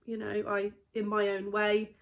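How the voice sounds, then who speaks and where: A woman chats easily to her viewers as she films herself on a handheld camera. Her voice sits in an ordinary middle pitch, and her talk is relaxed and homely as she moves through the house and out to the greenhouse. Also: measured pace. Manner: chatty, talks straight to viewers. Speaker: vlogger. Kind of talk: casual vlog chat. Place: home and garden greenhouse.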